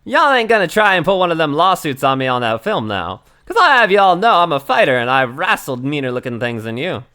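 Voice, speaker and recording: A man's voice: fairly high pitch, sing-song, brisk, bright, forceful tone. A man voicing a brash, tough Southern woman photographer in a game, with a drawling Southern US accent and a hollering folksy manner. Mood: defensive. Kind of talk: reading game dialogue aloud.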